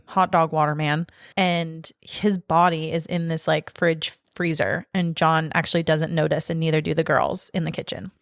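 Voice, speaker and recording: A woman's voice: on the low side, no room sound, studio quality. A woman co-hosting a casual podcast, recapping movie scenes in a chatty, giggly way. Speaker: podcast co-host.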